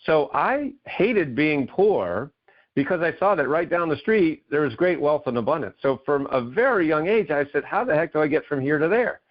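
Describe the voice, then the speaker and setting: A man's voice: a little high, lively intonation, a little fast, hardly any pauses. A man from Maine, a guest author and keynote speaker, telling his story with enthusiasm in a radio interview. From Maine, USA. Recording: dull lo-fi radio audio.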